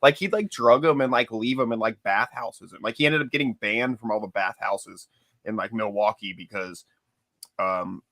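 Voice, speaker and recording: Rambling man with a lower voice. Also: normal speed, pushed and bright. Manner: rambling, heavy use of "like", laughs often. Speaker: podcast co-host. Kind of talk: casual chat.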